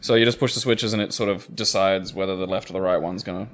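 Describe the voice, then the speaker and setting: A man's voice: sits low, fairly even intonation, fast, a bit bright, faint music behind. Man cracking crude jokes over gameplay. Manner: joking, crude banter and guessing aloud. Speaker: co-commentator. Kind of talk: casual let's play commentary.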